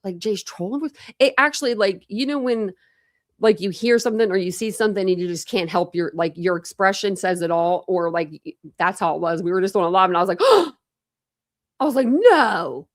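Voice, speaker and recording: A woman's voice: on the low side, steady tone, fast, no room sound, studio quality. A woman hosting a true crime livestream, chatting casually and rambling with lots of restarts. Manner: rambling, self-interrupting.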